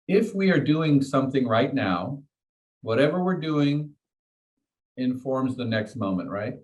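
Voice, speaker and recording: A man's voice: medium pitch, poor audio. A man leading a meditation class, explaining ideas to his students in a conversational way and often checking in with "okay?" and "right?". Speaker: meditation teacher.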